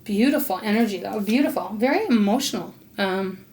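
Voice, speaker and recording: Woman, tarot reader, casual rambling talk, mid pitch. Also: lively intonation, fairly quick. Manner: rambling, warm-hearted, talks to spirit guides between cards. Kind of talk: casual spoken tarot reading.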